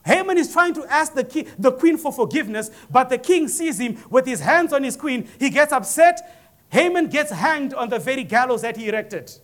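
A male pastor preaching a sermon, telling a story with lively acted-out quotes and rising calls to the congregation. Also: extremely high pitch, moderate pace. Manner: animated storytelling preacher, acts out voices in quotes. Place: church.

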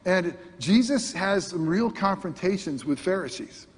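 Husky high-pitched preacher in a reverberant hall. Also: male voice, unhurried. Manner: animated preaching, acts out imagined voices, swings from loud to hushed. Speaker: pastor. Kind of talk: sermon.

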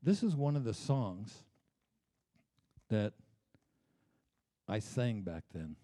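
A man's voice: fairly low pitch, very animated, measured pace, warm tone. A middle-aged man preaching a sermon in a church, telling personal stories in a conversational way and often checking in with "okay?". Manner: conversational, tag questions like "okay?". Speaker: pastor. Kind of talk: storytelling sermon. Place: church sanctuary.

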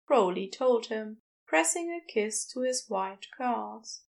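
A woman narrating a fan-fiction audiobook in a gentle, unhurried reading. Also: a little high, lively intonation, creaky.

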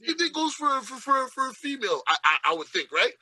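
A man hosting a casual podcast, telling crude stories in an animated, profane way with loud outbursts. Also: very high-pitched, fast talker, slightly rough, no room sound, rough recording. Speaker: podcast host. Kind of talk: casual, crude comedic chat.

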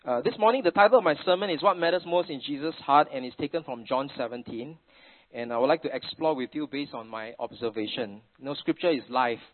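A middle-aged Singaporean man with a Singaporean English accent preaches a sermon full of family anecdotes, telling it in a chatty storytelling way sprinkled with Singlish particles. His voice is medium-pitched and fast, and the sound is tinny, like a phone.

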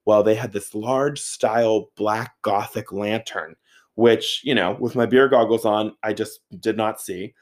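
A man in his thirties telling a casual, animated story, swearing freely and saying "like" a lot. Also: lowish voice, unhurried. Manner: animated, profane, filler-heavy with frequent "like".

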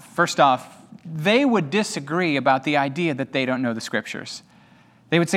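A man preaching a sermon as pastor to an audience, animated and conversational, with humorous asides. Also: fairly high pitch, moderate pace. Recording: long hall reverb.

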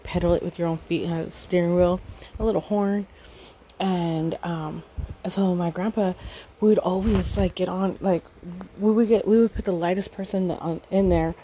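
Woman, 30s, low mellow voice, chatty fond storyteller, faint hiss behind. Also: rough recording. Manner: rambling, fond, laughs often, many fillers. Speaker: podcast storyteller. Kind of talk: casual personal storytelling.

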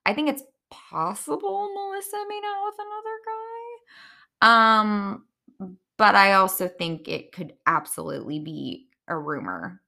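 A woman's voice: medium pitch, big pitch swings, a little slow, vocal fry, sharp tone. A woman hosting a podcast, giving casual, opinionated commentary in a chatty, candid way, full of fillers like "like" and "um". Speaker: podcast host recapping reality TV.

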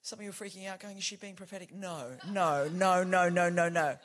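A woman in her forties preaching a passionate sermon, swinging from hushed, intimate lines to shouted declarations. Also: lowish voice, fairly quick, faint music behind.

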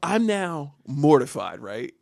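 A man's voice: on the high side, very animated, slow pace, creaky, a little mellow, no echo, clean studio sound. A man telling a comedic story on a podcast. He laughs often and acts out the voices and sounds of other people.

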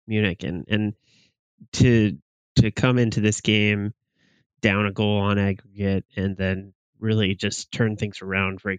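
Man, low even voice, halting football chat, dry sound. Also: smooth, no room sound. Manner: halting, restarts often, flat delivery. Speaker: podcast co-host. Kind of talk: casual sports chat.

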